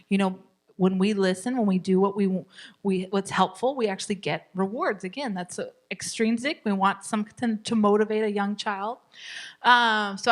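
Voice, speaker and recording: Bright, animated woman teaching a class. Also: medium pitch. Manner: animated, laughs often, acts out child and parent lines. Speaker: parenting class instructor.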